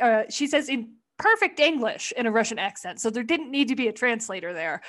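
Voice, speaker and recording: A woman co-hosting a casual chat, retelling comedy sketches in a blunt, profane, animated way. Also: a little high, moderate pace. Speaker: podcast co-host.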